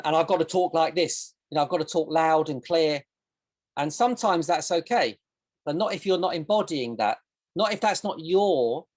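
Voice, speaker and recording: A woman with a low, darkish voice leads a casual online coaching session over a video call as a self-discovery coach. She teaches in a loose, rambling way and uses plenty of examples.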